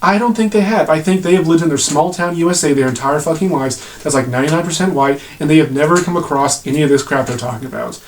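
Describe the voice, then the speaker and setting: A man's voice: on the high side, quick pace, hardly any pauses, a little hiss or hum. A man giving blunt, sarcastic commentary to camera, swearing freely as he rants. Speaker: video commentator.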